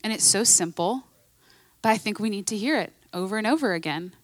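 A woman's voice: medium pitch, lively intonation, brisk, no room sound. A woman preaching a sermon in a conversational, emphatic way, repeating her key phrases.

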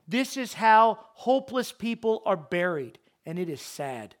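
A high-voiced man delivering a sermon, reading scripture aloud verse by verse. He explains each passage in an emphatic way and often repeats short phrases to drive a point home. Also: very animated, measured pace. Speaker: preacher.

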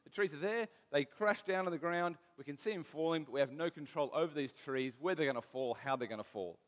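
A man's voice: on the high side, a little fast, in a large hall. A man, preaching a casual sermon with stories from home, often restarting his sentences. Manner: conversational, self-deprecating, restarts often.

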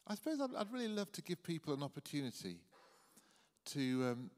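A man in his sixties delivers an evening sermon and closing prayer in a church, speaking earnestly and often repeating words. His voice is fairly high and a little mellow, with big swings in pitch and a fairly quick pace. The recording carries church hall reverb.

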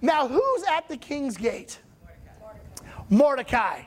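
A male preacher retells a scripture story like he's chatting with friends. His voice sits high and lively, and he keeps checking in with the room as he goes. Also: measured pace. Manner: chatty, animated, checks in with listeners. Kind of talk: casual sermon storytelling.

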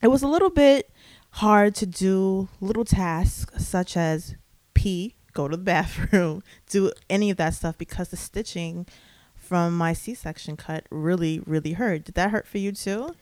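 A woman's voice: lowish voice, measured pace, darkish tone, no room sound. A woman hosting a casual podcast, upbeat and friendly, who laughs easily while chatting on a couch at home. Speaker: podcast host. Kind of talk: casual chat. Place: living room couch in a home.

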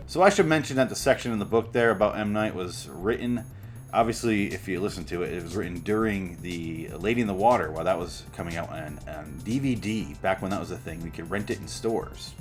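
A man's voice: low voice, a little fast, faint music behind. A man ranting casually about movies in a sarcastic, profane monologue, recorded at home. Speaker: author reading and commenting on his book.

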